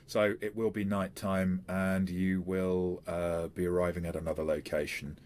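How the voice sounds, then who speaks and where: A male game master with a low voice, narrating an online tabletop session. He talks in a chatty, stop-start way full of ums and restarts, with a faint hiss of noise behind him. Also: little pitch movement, moderate pace, a little mellow.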